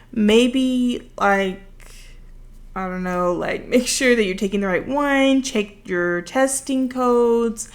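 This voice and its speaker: A vlogger in her twenties, mid-range voice tinged with vocal fry, meanders through a long self-deprecating story while building. She sits close to a desk microphone.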